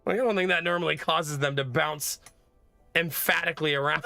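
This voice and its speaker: Bright-voiced joking male streamer. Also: a little high, lively intonation, moderate pace, vocal fry, no room sound, soft background music. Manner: joking, chatty, frequent laughter. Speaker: streamer, father. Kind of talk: casual gameplay commentary.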